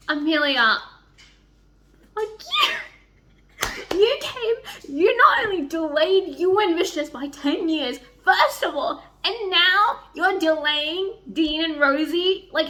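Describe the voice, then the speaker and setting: A young woman chatting in a casual reading vlog, excitable, rambling and swearing freely as she rants about characters. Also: high voice. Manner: rambling, restarts often. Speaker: book vlogger.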